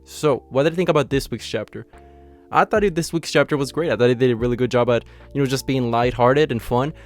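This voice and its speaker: Hoarse, raspy-voiced man reviewing manga. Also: medium pitch, fast, faint music behind. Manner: upbeat and chatty, full of "you know" fillers and laughs. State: hoarse from illness. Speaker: anime channel host. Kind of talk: casual manga chapter review.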